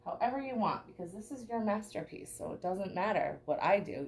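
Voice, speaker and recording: A woman's voice: medium pitch, expressive, fairly quick, vocal fry. A young woman teaching a live online painting class, chatty and encouraging, checking in with "okay?" often. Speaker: art teacher.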